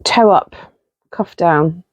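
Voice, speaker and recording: A woman's voice: on the low side, takes it slowly, no echo, lo-fi sound. A woman hosting a casual knitting podcast, chatty and self-deprecating, rambling with fillers. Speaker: podcast host.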